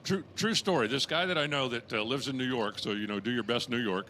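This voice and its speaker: Announcing at a drag strip, a man with a mid-range, sharp voice speaks briskly, cracking chatty jokes and puns between runs. His voice rises for launches and finishes in this live race commentary, with slight background noise.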